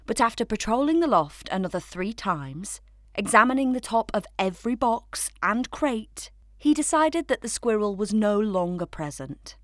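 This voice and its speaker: A woman narrating a children's story in a gentle, measured way. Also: medium pitch, expressive, no room sound, clean studio sound.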